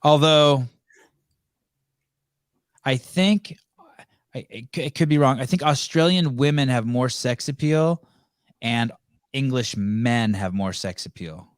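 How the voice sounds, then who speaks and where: A man hosting a podcast, joking and swearing, slipping into loud mocking voices. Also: mid-range voice, takes it slowly, long pauses, smooth, dry recording, studio quality. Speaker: podcast host. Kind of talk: casual podcast banter.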